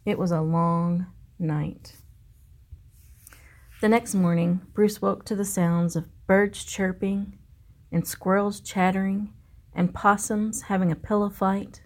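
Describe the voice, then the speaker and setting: A librarian reading a children's picture book aloud in a slow, clear way. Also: female voice, medium pitch, fairly even intonation.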